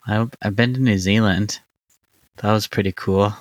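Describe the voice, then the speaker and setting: A man from Arizona co-hosting a podcast, chatting casually with a dry, deadpan humor. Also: on the low side, normal speed, no echo. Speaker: podcast co-host. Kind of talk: casual chat.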